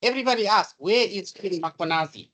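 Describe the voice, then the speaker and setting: A man giving a classroom programming lecture, animated and repetitive as he coaxes his students along. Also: high voice, fairly quick. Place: lecture room. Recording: voice distant from the mic.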